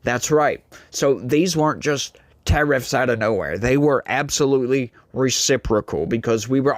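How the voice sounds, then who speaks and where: A man, in his thirties, hosts a solo political commentary show. He reads news out and breaks into exasperated, incredulous asides, repeating his points. His voice sits at a middling pitch in a dry, close setting. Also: dry recording.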